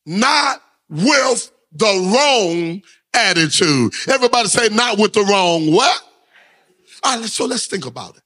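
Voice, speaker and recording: A man's voice: high voice, big pitch swings, measured pace, bright, forceful tone, husky. A man preaching a sermon, with call-and-response lines he has the congregation repeat. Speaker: pastor.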